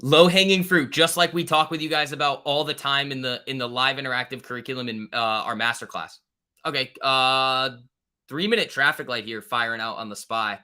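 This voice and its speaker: A young man with a bright, forceful voice runs casual live market commentary on a trading stream. He talks in loose bro slang, swears freely and banters with his chat as he reads the charts. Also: mid-range voice, steady tone, a little fast, smooth. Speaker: stock trading livestream host.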